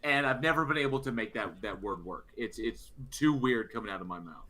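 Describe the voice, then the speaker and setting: A man's voice: medium pitch, animated, a little fast, sharp tone. A man co-hosting a casual livestream chat, hesitant and prone to repeating words. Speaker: co-host.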